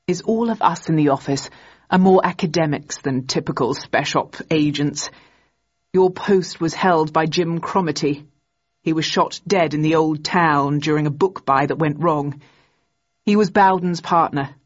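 A woman voicing a grey-haired gentleman in his seventies with courteous, old-fashioned formal speech. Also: low voice. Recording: dull, muffled recording.

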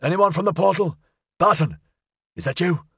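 A man's voice: high-pitched, normal speed, fairly bright tone, breathy edge, dry recording, clean studio sound, pitched above the performer's own voice, exaggerated voice. A male narrator voicing a shaken, secretive male soldier in an audiobook, speaking curtly and grimly. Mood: calling out. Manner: curt, grim.

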